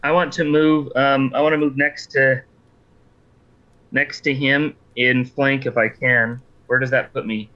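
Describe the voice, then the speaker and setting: A man's voice: mid-range voice, flat delivery, measured pace. A man playing a tabletop game, methodically asking rules questions as he plans his turn. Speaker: player. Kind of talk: casual tabletop game chat. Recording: dull lo-fi mic.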